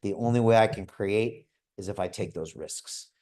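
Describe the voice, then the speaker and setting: Speaking at a moderate pace, a fifties-aged man hosts a crypto investment club over a group video call, pitching with motivational energy. He's blunt and lively, repeatedly calling his audience folks.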